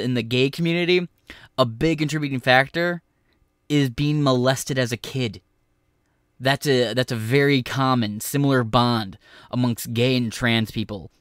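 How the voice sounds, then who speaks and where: A man's voice: mid-range voice, dry recording, studio quality. Angry, profane ranting man. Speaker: streamer reacting to news footage. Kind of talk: live reaction commentary.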